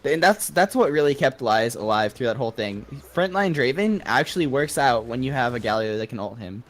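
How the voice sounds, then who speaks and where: A man who coaches, co-casting a game match in a relaxed, rambling way. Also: medium pitch, brisk. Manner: laid-back, meandering, with many fillers and restarts. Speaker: co-caster and coach. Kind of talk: casual commentary chat.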